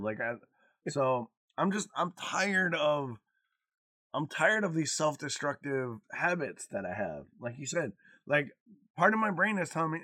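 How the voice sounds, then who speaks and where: A man's voice: fairly high pitch, sing-song, moderate pace, bright, forceful tone, no room sound, clean studio sound. Frank, swearing man in his forties. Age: 40s. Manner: frank and confessional, swears freely. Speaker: podcast co-host. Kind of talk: casual podcast chat.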